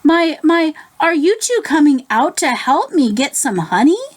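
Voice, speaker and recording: A woman reading as a big male bear from a children's storybook, hearty and full of himself. He brags that nothing scares him, in a slow, pitched-up storytelling voice. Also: very animated. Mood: boastful.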